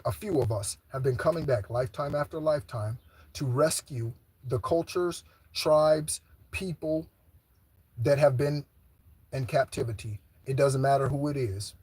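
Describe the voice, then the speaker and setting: A man's voice: mid-range voice, a little mellow, husky. A middle-aged man giving a rambling spiritual monologue, casual and profane, often checking in with "okay?" and "right?". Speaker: spiritual channel host.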